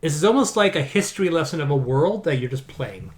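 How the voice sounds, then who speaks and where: A man's voice: a little high, lively intonation, quick pace, slight background noise. Rambling man in casual game chat. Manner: rambling, with frequent restarts and repeated words; sarcastic aside. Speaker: board game podcast co-host.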